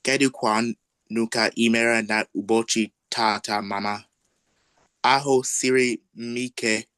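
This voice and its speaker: A man's voice: mid-range voice, steady tone, unhurried, fairly bright tone, clear, resonant tone, no echo. A man, a language student, reading a passage aloud in class, careful and a little hesitant, apologizing when corrected.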